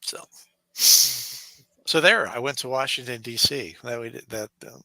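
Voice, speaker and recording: A man's voice: medium pitch, measured pace, bright, forceful tone, no room sound, rough recording. A man co-hosting a podcast, telling workplace stories in casual chat, acting out the people he quotes and laughing often. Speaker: podcast co-host.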